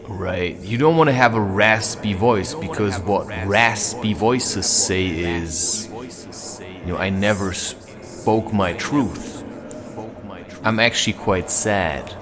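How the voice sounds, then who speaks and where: A man's voice: low-pitched, takes it slowly, a crowd in the background. A man vlogging with a handheld camera as he walks through a forest at night, musing in a meandering, self-interrupting way. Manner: meandering, self-interrupting, talks while walking. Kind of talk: rambling spiritual musing.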